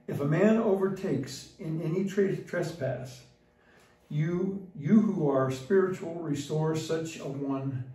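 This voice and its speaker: A man reading an epistle aloud in church, slowly and with occasional restarts. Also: a little high, warm tone. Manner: slow reading with small slips and restarts. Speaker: epistle reader. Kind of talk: liturgical Bible reading. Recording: echoey church from far off.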